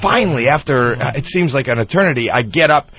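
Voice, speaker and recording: A man guesting on a talk radio show, telling a comic story in an excitable, rambling way full of restarts. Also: medium pitch, fast, slightly rough, no room sound. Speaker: guest comedian. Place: radio studio. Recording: muffled radio broadcast.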